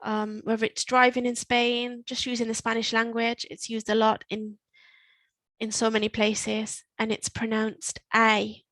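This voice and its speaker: A woman's voice: on the high side, completely flat delivery, a bit bright, no room sound. Patient woman teaching Spanish phrases. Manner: patient, explains step by step, repeats words slowly. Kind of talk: online language lesson. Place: in Spain.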